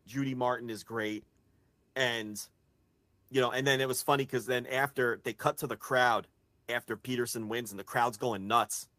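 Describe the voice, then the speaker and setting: A man in the middle of his range talks through his case with growing excitement, cursing casually as he lays out his points one by one. The sound is dry and close, with no room around it. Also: medium pitch, moderate pace, dry recording. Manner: excitable, swears freely, builds an argument point by point. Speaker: podcast co-host. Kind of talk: casual chat.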